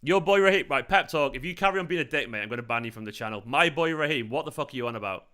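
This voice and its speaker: A man's voice: medium pitch, animated, very fast, sharp tone. A man hosting a live football watchalong, tired and hungover, frustrated and swearing as he answers his chat. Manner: frustrated, swears often, talks back to chat. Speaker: fan channel host.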